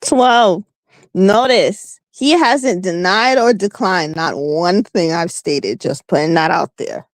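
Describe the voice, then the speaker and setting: A woman's voice: fairly low pitch, takes it slowly, dry recording. A woman chatting casually on a live stream, making dry, sarcastic quips.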